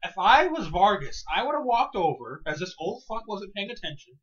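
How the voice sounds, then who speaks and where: A man's voice: sits high, normal speed, husky, dull audio. A man co-hosting a casual podcast, ranting with lots of swearing. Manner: profane, animated ranting. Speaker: co-host.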